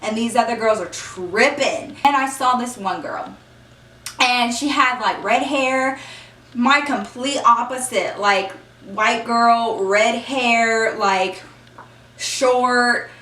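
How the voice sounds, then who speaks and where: Woman vlogger, storytime: high-ish, bright voice, chatty; echoey room, mic set back. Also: takes it slowly, far from the mic. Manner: chatty, acts out quotes, says y'all. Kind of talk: casual storytime.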